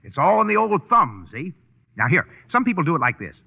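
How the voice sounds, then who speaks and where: A brash newspaperman in a 1930s radio play, gruff and full of wisecracks. His voice is slightly husky and moves lively up and down. The old broadcast sounds tinny, with a long echo. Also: fairly high pitch, a little fast, heavily acted. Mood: boastful. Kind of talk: 1930s radio drama acting.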